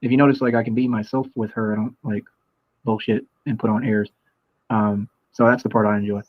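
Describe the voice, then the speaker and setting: A man rattling along quickly as a guest, boastful and flirty, over a tinny, phone-like line. The sound is dry and close, with no room at all. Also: lowish voice, flat delivery, no room sound. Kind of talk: casual video-call conversation.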